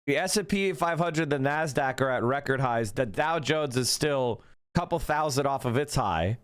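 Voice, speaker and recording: A man's voice: medium pitch, expressive, normal speed, clear, resonant tone. A man streaming live, reading out news and reacting with sarcastic commentary, swearing freely. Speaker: political streamer.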